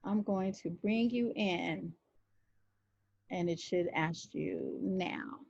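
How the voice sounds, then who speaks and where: A woman's voice: on the low side, slow pace, vocal fry, husky, no room sound. Woman host, easygoing advice-giver on a stream, dry dull call audio. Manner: relaxed, reassuring, folksy. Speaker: natural hair stylist hosting a live Q&A. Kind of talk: casual live-stream advice chat.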